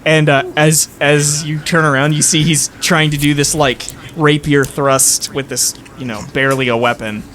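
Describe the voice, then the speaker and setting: A man runs a tabletop game in a voice pitched a little above the average man's. He narrates loosely and rambles, pausing often to hunt for words. A faint hiss of noise sits under his voice. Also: level tone, a bit bright. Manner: loose and rambling, heavy with fillers. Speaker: dungeon master.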